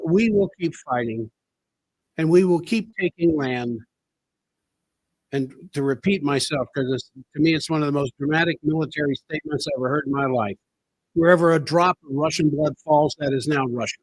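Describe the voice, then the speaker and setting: Emphatic husky man giving political commentary. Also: on the high side, normal speed, dry recording, poor audio. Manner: emphatic, repeats key phrases for effect. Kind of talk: solo commentary monologue.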